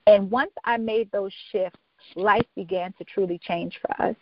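A woman's voice: mid-range voice, measured pace, no echo. A woman guest talking earnestly on a podcast, her voice dry and close with no room sound. The audio is a bit dull and muffled. She tells her story in a casual, heartfelt way. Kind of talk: casual interview chat.

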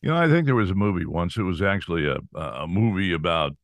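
A man with a lowish voice co-hosts a political talk show and drifts into digressions. His delivery is animated, and he is recorded dry and close. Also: fast talker, no echo. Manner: conversational, digressive. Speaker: co-host.

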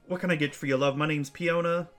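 A man voicing a brisk, slightly weary little female halfling waitress who chirpily rattles off the menu in a tabletop game. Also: a little high, fairly even intonation, fairly bright tone, soft background music, voice pushed up, close to an everyday voice. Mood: chirpy.

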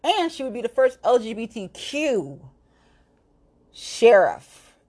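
A woman's voice: fairly high pitch, sing-song, slow pace, darkish tone. A woman from Ohio, a local political activist, delivering a blunt, profane, confrontational rant to the camera. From Ohio, USA.

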